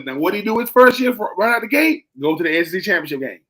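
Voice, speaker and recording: A young man co-hosting a sports talk show, emphatic and animated, repeating lines for effect. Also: sits high, racing. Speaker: co-host. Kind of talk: sports talk radio chat.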